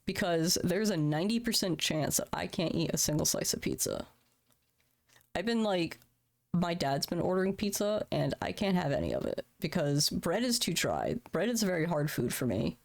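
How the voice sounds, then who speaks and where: A woman's voice: fairly low pitch, sing-song, normal speed, gravelly. A woman in her thirties, a streamer, talking candidly and emotionally on a livestream from home, swearing casually. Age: 30s. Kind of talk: candid personal talk on a livestream. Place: home room.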